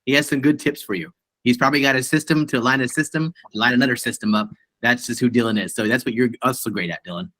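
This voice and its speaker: A man's voice: medium pitch, fast talker, fairly bright tone, no echo. A man hosting a team video meeting, upbeat and full of praise. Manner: upbeat, effusive praise, says awesome often. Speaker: meeting host.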